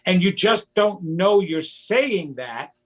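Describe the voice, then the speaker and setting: A man talking as a guest in an interview, slow and emphatic, sometimes acting out childish voices. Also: high voice, animated, a bit bright. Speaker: psychic medium guest. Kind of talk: conversational interview.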